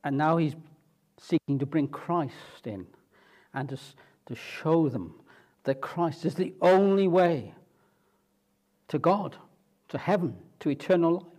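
Male preacher, slightly high voice, building to emphatic peaks, trailing off low at ends of phrases, asks rhetorical questions. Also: a little slow, long pauses, darkish tone. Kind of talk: sermon.

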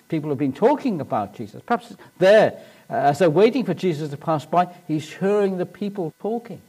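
A man preaching a sermon, retelling a story in an animated way and rising to emphatic points. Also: a little high, husky.

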